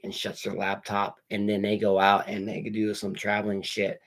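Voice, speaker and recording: Man, low voice, gravelly, rambling profane movie recap, casual unboxing chat. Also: completely flat delivery, normal speed, hardly any pauses. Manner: rambling, profane storytelling with quoted dialogue. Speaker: movie reviewer. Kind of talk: casual spoiler recap while unboxing comics.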